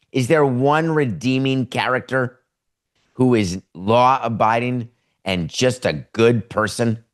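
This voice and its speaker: A middle-aged man with a somewhat low voice hosts a live daily talk show. He talks in a rambling, emphatic way, breaking off to correct himself before pressing on. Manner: rambling, self-interrupting and emphatic. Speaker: podcast host.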